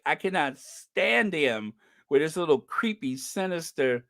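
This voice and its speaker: A man's voice: fairly high pitch, a little slow, vocal fry. Sarcastic, gossipy male livestream host. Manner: sarcastic, gossipy, animated, laughs often. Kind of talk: casual livestream commentary.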